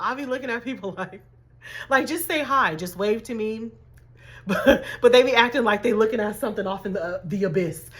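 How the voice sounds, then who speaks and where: A woman life coach giving a chatty, animated motivational talk to camera, calling her viewers y'all and baby. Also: medium pitch.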